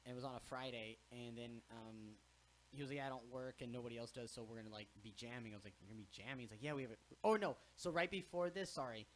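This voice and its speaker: A young man chats casually as a podcast host, spinning animated stories and swearing freely. He jumps into other people's voices as he tells them, with a mid-pitched voice. A faint hiss sits under the recording. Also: fast. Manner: animated storyteller, swears freely, acts out quotes. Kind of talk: casual chat.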